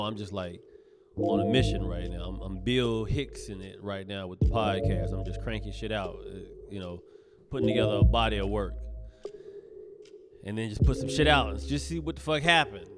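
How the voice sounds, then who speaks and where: A man's voice: on the low side, normal speed, over loud music. A man, a comedian hosting his own podcast, talks in a rambling, profane solo monologue that keeps breaking off and restarting. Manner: rambling, profane, self-interrupting.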